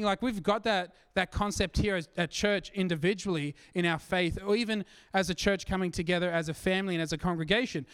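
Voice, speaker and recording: A man's voice: sits high, a bit bright, clear, resonant tone. A male pastor preaching a sermon to his church in an earnest, emphatic way.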